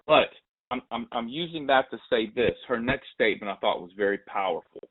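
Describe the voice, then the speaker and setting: A man's voice: medium pitch, quick pace. A man hosting a podcast, telling a story in casual talk and acting out the voices of the people in it. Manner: animated, mimics others' voices when retelling a story. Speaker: podcast host. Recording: tinny phone-like audio.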